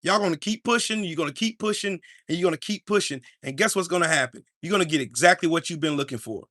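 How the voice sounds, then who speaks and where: A man's voice: on the high side, animated, quick pace, bright, forceful tone, no room sound, studio quality. A man hosting a live-streamed podcast, ranting in an angry, profane and confrontational way. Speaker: podcast host.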